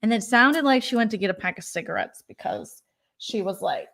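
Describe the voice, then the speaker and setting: A woman's voice: a little high, animated, fairly quick, noisy background. A young adult woman hosting a casual vlog, chatting in an exasperated way with lots of fillers. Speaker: vlogger host. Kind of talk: casual gossip chat.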